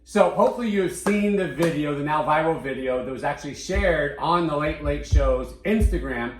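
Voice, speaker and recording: Animated, profane male co-host. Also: fairly high pitch, normal speed, echoey room, a little hiss or hum. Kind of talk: casual podcast chat.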